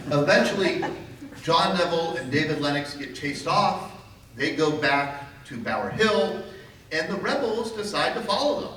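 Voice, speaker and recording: A man gives a history lecture to a crowd, telling the story with lively, wry humor. His voice sits at a middle pitch and is picked up from a distance in a very echoey hall, with faint hiss underneath.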